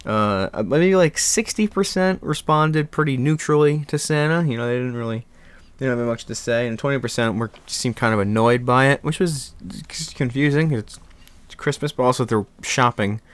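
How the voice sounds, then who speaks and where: A young man vlogging in a rambling, animated casual chat, laughing and swearing now and then. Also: mid-range voice, moderate pace, smooth, no room sound.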